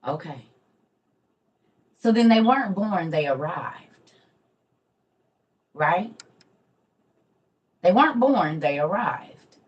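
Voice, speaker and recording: A woman's voice: lowish voice, lively intonation, slow pace, pauses often, lo-fi sound. Chatty woman on a livestream. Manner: chatty, addresses viewers as y'all. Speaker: livestream host. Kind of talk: casual morning livestream chat. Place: home room.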